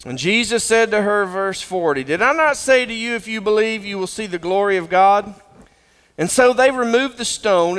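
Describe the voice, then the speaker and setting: A pastor delivers a dramatic sermon in a high, carrying voice. He swings from loud proclamation to near-whispered intensity. His words ring through a church hall with a long reverb. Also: smooth. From Southern US. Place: church sanctuary.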